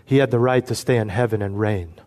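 A man preaching an expository sermon, earnest and emphatic, slowing down to stress key points. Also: lowish voice, a little mellow. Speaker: pastor.

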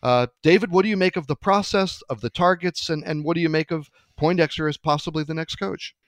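A man's voice: on the high side, fairly quick, dry recording. A man hosting a sports talk show, chatting loosely with some hesitations and putting questions to his co-host.

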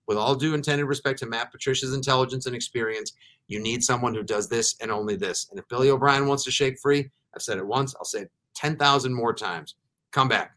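A man hosting a casual sports chat, energetic and joking, launching into riffing rants. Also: mid-range voice, brisk. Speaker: podcast host.

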